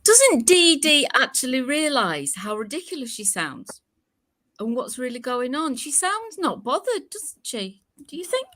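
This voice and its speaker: A woman co-hosting, exasperated and animated about the clip. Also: high-pitched, measured pace, no room sound.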